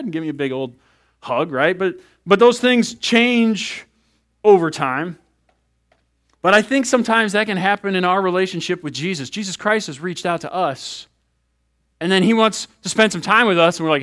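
A man in his thirties, a pastor giving a sermon in an animated, conversational way, acting out little asides. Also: high-pitched, moderate pace.

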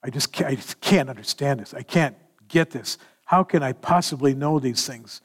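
A man's voice: medium pitch, moderate pace, husky, close to an everyday voice. A man preaching acts out a bewildered male religious teacher asking confused, pleading questions. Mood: defeated.

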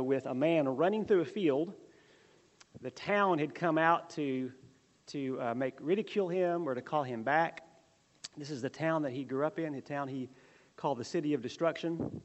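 A man's voice: a little high, big-room sound. A man leading a prayer and then teaching a Bible lesson in an earnest, conversational way.

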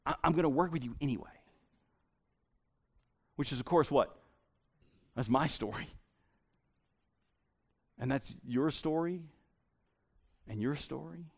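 This is a male pastor delivering a sermon in a fairly high, gravelly voice. He's animated, building each point by repeating words.

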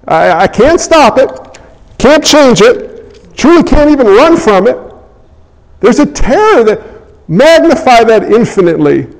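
A man preaching a sermon as a pastor, in an animated way, acting out scenes and little voices as he goes. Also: very high voice. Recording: long hall reverb.

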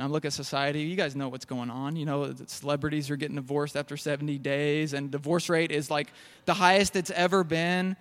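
A man's voice: on the high side, steady tone, fast talker. A young man preaching a sermon in a church hall, telling jokey stories. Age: young adult. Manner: storytelling, jokey.

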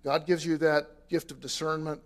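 A pastor delivering a sermon to his congregation in a fairly high voice. He talks earnestly and conversationally, stressing key lines loudly. He drops to quiet, softer asides. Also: little pitch movement, moderate pace. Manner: earnest, conversational preaching with sudden loud emphases and quiet asides.

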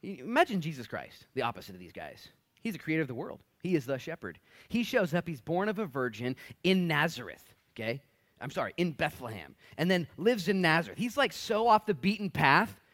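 A man preaching a sermon as pastor, conversational and animated, often acting out the people he quotes. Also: fairly high pitch, brisk. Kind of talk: expository sermon.

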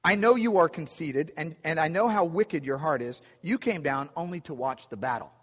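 A man's voice: on the high side, moderate pace, big-room sound, lightly acted. A man retelling a story, voicing an angry older brother who scolds dismissively. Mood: scolding.

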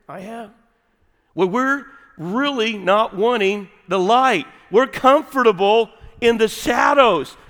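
A middle-aged man preaching a sermon, folksy and animated, dropping at times to a quiet, intimate tone. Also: high-pitched, gravelly. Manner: folksy, animated storytelling with sudden drops to quiet, intimate delivery. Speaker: pastor. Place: large church sanctuary. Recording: long hall reverb.

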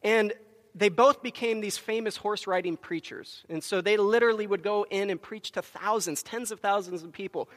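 A man preaching a Sunday sermon on a microphone, his voice notably high for a man. He tells stories with emphatic, acted-out quotes, and a long reverb trails behind him in the church. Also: moderate pace. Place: church sanctuary.

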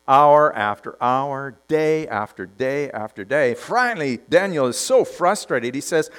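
Animated male preacher. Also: mid-range voice, unhurried, few pauses, smooth. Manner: animated storytelling, acts out characters, drops to quiet emphasis. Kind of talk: sermon.

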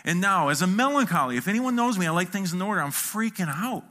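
A man's voice: high-pitched, fast. A middle-aged man preaching a sermon as a pastor, telling a funny story and acting out the quotes of the people in it. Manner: animated, acts out quotes with a shifting voice.

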